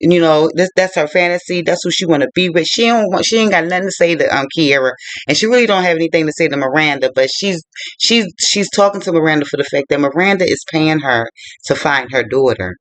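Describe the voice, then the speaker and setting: A man casually reviewing a book, retelling its plot in an animated, colloquial way. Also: a little high, fast, no echo.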